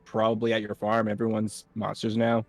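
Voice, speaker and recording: A man's voice: fairly low pitch, monotone, brisk, no echo, faint music behind. A man playing a tabletop role-playing game, talking in a rambling, hesitant way. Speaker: player. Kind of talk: casual role-play talk in character.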